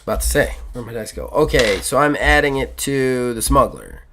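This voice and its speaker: A man hosting a casual tabletop game and chatting lively with his fellow player, often laughing. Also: medium pitch, normal speed, background noise. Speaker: host and player.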